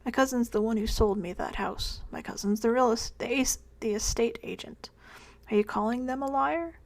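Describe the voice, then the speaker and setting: A woman voicing a gruff, suspicious, proud older man who speaks curtly and haughtily. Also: a little high, moderate pace, natural voice. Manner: curt and haughty.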